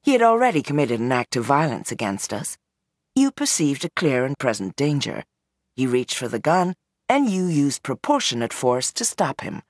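A woman voicing a calm, commanding young woman who leads a group, speaking in an easy tone with a smile in it. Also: extremely low pitch, moderate pace, no room sound, clean studio sound, voice pushed down.

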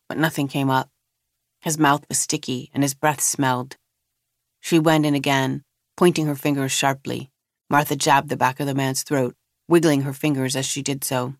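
A narrator reading a novel aloud in a measured, even storytelling manner. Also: medium pitch, no echo, clean studio sound.

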